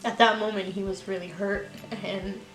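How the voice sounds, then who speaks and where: A woman vlogger calmly recounting a hard personal experience in a candid storytime, with many "like"s and "you know"s. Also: medium pitch, normal speed, background noise. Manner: candid, reflective, lots of fillers. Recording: echoey room with music behind.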